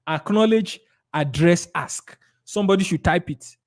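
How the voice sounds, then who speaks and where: A man's voice: high-pitched, unhurried. A man with a Nigerian accent giving a live sales training talk, emphatic and repetitive, acting out conversations with clients. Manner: emphatic, repeats key words, acts out client dialogues.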